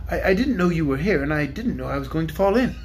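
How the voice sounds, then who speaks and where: A man's voice: a little high, lively intonation, fast talker, slight background noise. A man voicing a frightened male green monkey who stammers nervously.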